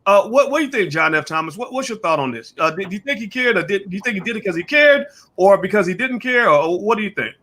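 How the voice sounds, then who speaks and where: High, bright-voiced man hosting a panel. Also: fast, hardly any pauses. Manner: animated, asks the audience for yes or no votes. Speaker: host of a panel show. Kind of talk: casual online panel discussion.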